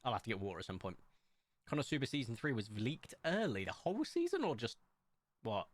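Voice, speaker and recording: A man chatting casually to viewers while streaming, excitable and rambling, with sudden jumps up in pitch. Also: a little fast, no echo. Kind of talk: casual live-stream chat.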